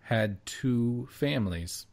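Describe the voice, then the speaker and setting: Uomo vivace che chiacchiera in un podcast. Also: male voice, medium pitch, slow, vocal fry. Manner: animated, swearing, laughs often. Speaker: podcast co-host. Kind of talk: casual chat.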